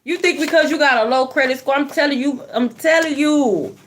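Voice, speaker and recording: A woman's voice: high-pitched, fairly quick, a little hiss or hum. A woman giving a spiritual card reading, blunt and profane, preaching and repeating phrases for emphasis. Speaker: tarot card reader.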